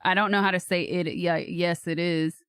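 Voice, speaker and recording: A woman's voice: lowish voice, steady tone, moderate pace, fairly bright tone, clean tone, no echo, clean studio sound. A woman from California streaming live, thinking aloud in a hesitant way and laughing at herself. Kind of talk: casual livestream chat.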